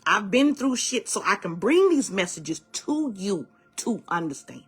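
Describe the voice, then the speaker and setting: A woman's voice: medium pitch, very animated, measured pace, breathy edge. A woman acting as a spiritual guide, delivering a channeled oracle-card message in an emphatic, preachy way and calling her listeners baby and my loves.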